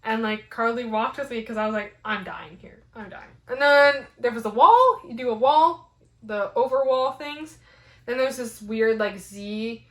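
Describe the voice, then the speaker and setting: A woman's voice: on the high side, normal speed. Chatty young woman, roomy echo. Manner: rambling, many "like" fillers, animated. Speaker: fitness vlogger. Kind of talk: casual storytelling vlog.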